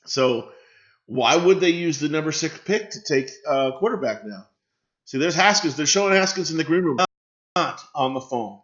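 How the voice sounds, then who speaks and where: A man's voice: a little high, lively intonation, normal speed, fairly bright tone, lo-fi sound. A man hosting a casual live stream, chatting and reacting to viewer comments and swearing freely.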